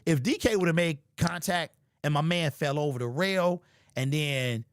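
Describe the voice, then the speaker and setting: A man's voice: a little high, normal speed, no room sound, studio quality. A man hosting a casual sports talk show, joking around with big exaggeration and lots of slang. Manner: animated, joking and hyperbolic, slangy.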